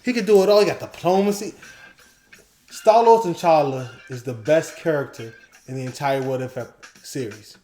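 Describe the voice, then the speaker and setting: A man co-hosting a casual talk show, ranking episodes and excitedly quoting scenes in animated bursts. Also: fairly high pitch, moderate pace, reverberant, slight background noise. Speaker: podcast co-host.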